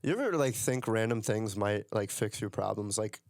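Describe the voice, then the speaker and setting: A man's voice: lowish voice, expressive, moderate pace, vocal fry, dry recording, studio quality. A man hosting a podcast in casual crude chat, joking and laughing often. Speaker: podcast host.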